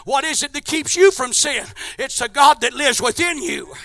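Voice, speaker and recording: A man preaching a sermon in a church, swinging between shouted fervor and hushed near-whispers. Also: very high-pitched, expressive, normal speed, dry recording, faint music behind.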